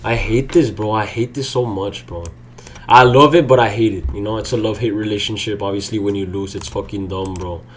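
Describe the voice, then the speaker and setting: A young man livestreaming his day trading, swearing and swinging between low muttering and loud outbursts. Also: steady tone, brisk, slight background noise. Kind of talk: live streaming commentary.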